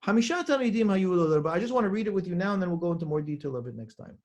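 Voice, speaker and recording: High-voiced man teaching a text class. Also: lively intonation. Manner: reads names rapidly, then slows down to stress points and asks the class questions. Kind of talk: lesson reading and explaining a text.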